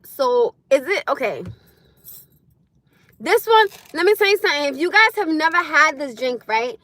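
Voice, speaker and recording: A woman chatting casually on a livestream, loud and laughing often as she answers comments. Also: sits high, big pitch swings, moderate pace, dry recording. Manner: loud, laughing, talks back to chat. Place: in her car.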